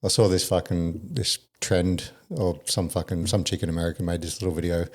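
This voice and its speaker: A man's voice: low voice, steady tone, brisk. A man hosting a podcast, asking questions in a laid-back way and swearing casually. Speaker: podcast host. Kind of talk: casual conversational interview.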